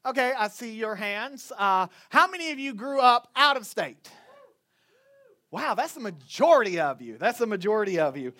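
A man's voice: high-pitched, very animated, normal speed, sharp tone. A man from Florida, preaching casually and playfully polling his congregation in a chatty way.

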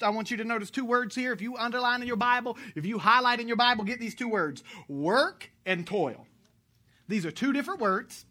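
A pastor from the United States preaching a sermon, animated, joking with the congregation and correcting himself as he goes. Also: sits high, quick pace.

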